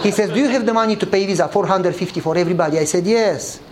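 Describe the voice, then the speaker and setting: A man's voice: very fast, a crowd in the background, noisy background. Man telling a story in English. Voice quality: non-native English grammar. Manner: animated storyteller, acting out dialogue with changing pitch. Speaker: pastor. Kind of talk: sermon storytelling.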